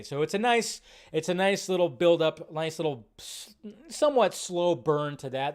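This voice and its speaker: A man hosting a casual film-commentary livestream, animated and reacting loudly, with some swearing. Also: on the high side, smooth. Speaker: livestream host.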